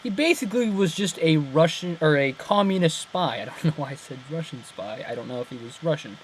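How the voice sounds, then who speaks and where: A man's voice: a little high, animated, a little fast, slight background noise, poor audio. A young man in casual chat, breaking down a TV episode, rambling and correcting himself and laughing at his own slips. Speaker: channel host breaking down an episode.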